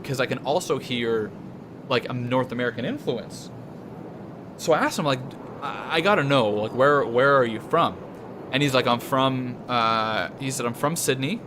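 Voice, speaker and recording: A man's voice: medium pitch, background noise. A young man from Canada rambling and swearing freely while he streams a game. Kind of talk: casual gaming stream chat.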